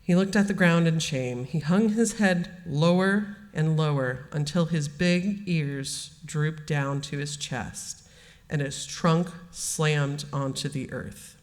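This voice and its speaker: A woman who runs religious education, reading a children's story aloud in an animated way in a church service. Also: low-pitched, slow. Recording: long hall reverb.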